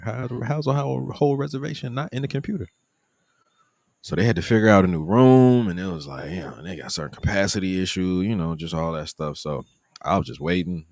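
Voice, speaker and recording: A man casually recounting his trip during a live stream, animated, acting out the people he met. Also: gravelly, no echo. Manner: animated, acts out quoted people in a higher voice. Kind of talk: casual storytelling.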